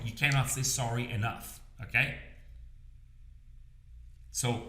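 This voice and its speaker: With a medium pitch, a steady tone and a pushed, bright quality, a man speaks at normal speed and pauses often, the sound reverberant. He coaches business owners in a casual talk to camera, repeating phrases and asking "okay?" and "you understand?" to check in.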